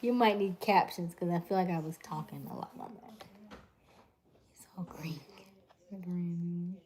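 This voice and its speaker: A middle-aged woman hosts a laid-back livestream from home, speaking into a webcam mic. Her voice sits low and warm, and she stays animated as she tells stories and plays out dialogues. Between stories she reads the chat aloud. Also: unhurried. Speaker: livestream host.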